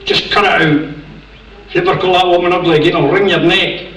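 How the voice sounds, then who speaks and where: A man's voice: high-pitched, steady tone, fast, fairly bright tone, pitched above the performer's own voice. A Scottish man playing an angry male pet shop owner who scolds and threatens his parrot. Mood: scolding. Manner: stern and scolding. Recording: echoey theatre from far off.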